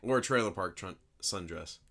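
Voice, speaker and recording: A man's voice: low-pitched, normal speed, creaky, a bit bright. A young man co-hosting a casual podcast, blunt and crude, swearing freely. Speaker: podcast co-host. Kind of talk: casual chat.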